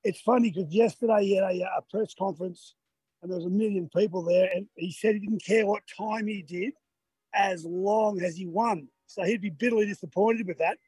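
An older Australian man, a marathon runner, chats to radio hosts by phone from outdoors near the finish line. He sounds tired after the race, laughs a lot, and acts out what the crowd shouted at him. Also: high voice, normal speed, husky, dry recording. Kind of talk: casual chat on a live radio call. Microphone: phone on a video call.

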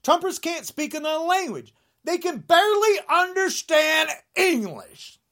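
A man in his sixties delivering an angry rant to camera, indignant and sarcastic, swinging between shouted jabs and low muttering. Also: very animated, a little slow. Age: 60s. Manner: mocking sarcasm. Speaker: vlogger.

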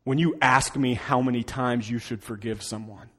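A man preaching a sermon in a mid-pitched voice. He tells the story dramatically, rising to loud, pressing lines and then dropping to hushed, quiet ones. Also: fairly even intonation, normal speed. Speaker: pastor.

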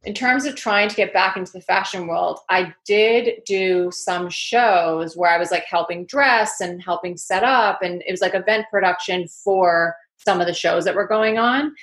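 A woman with a New York accent, chatty and energetic, telling her story as an interview guest in a rambling, casual way. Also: on the low side, moderate pace, few pauses.

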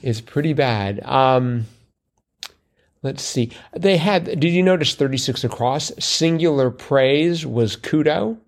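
A man co-hosting a podcast in easygoing conversation. He rambles, restarts his sentences and jokes at his own expense. His voice sits at an ordinary middle pitch. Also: slow. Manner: chatty, self-deprecating, lots of fillers and restarts. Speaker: podcast co-host. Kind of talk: casual chat about crosswords.

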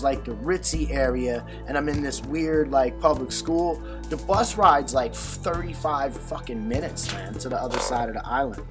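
Profane man telling a story casually. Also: mid-range voice. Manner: candid, profane, conversational, with many fillers.

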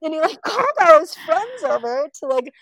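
A woman's voice: high voice, normal speed, creaky, no echo, low-quality recording. A woman telling a story casually, acting out the people she quotes. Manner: animated, acts out quoted voices.

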